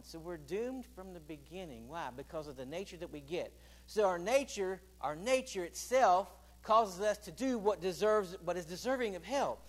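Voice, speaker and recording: A man preaching a sermon with a notably high voice. He swings from loud, emphatic declarations down to hushed, low asides, and keeps putting questions to the congregation and calling for answers. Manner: asks the congregation questions and calls for responses.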